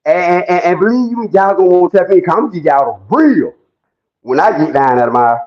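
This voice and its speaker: A man, giving animated ranting commentary, loud and mocking, swearing often and laughing as he talks. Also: sits high, fast. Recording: dull lo-fi sound.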